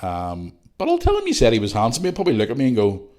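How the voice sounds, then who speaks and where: A man's voice: mid-range voice, huge pitch swings, fast, a little mellow, slight background noise. A middle-aged man with a Northern Irish accent, hosting a podcast and chatting casually as he reads out listener messages, with jokey, rambling asides. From Northern Ireland. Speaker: podcast host.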